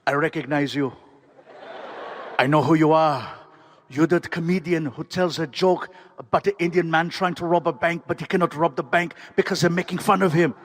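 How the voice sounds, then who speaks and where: Brief: comedian putting on a burly action hero, middle-aged, loud, gushing over every fan, higher than usual. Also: male voice, steady tone, normal speed, lightly acted. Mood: delighted. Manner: booming, effusive greetings. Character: charming middle-aged male action-star celebrity greeting fans.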